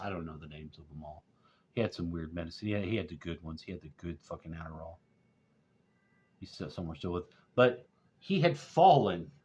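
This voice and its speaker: A middle-aged man telling loose, rambling stories and swearing constantly, getting loud and high when worked up. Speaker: vlogger. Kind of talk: rambling profane storytelling. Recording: dull lo-fi sound.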